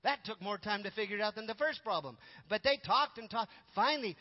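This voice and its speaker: A male preacher telling a story with a high, lively voice that swings widely. He repeats words and asks his listeners questions as he goes. The sound is dull, with long reverb from a large hall. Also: fast. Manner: animated, repeating words and asking the audience questions. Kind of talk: storytelling sermon.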